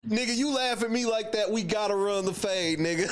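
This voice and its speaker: A man's voice: brisk, few pauses. A man hosting a casual reaction talk show, cursing freely and breaking into laughter. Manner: loud laughing, profane, swaying between high and low pitch. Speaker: show host.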